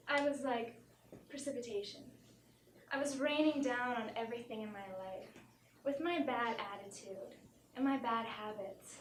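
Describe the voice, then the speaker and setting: A young woman comedian on stage doing a mock-earnest self-help talk, giggling between lines, heard from far off in a noisy, echoey theater. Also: fairly high pitch. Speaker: stand-up comedian. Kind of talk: parody motivational talk on stage. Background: audience laughter.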